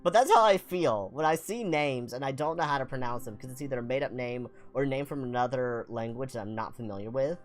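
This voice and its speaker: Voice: medium pitch, fast talker, hardly any pauses. Southern American accent, young adult streamer, rambling self-deprecating chat, faint music behind. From Southern United States. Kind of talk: casual let's-play chat, reading game text aloud.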